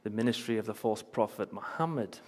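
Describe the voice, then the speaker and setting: A man's voice: lowish voice, fairly quick, darkish tone. A young man preaching a sermon in a church, telling personal stories with earnest, emphatic repetition and light chuckles. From Northern Ireland.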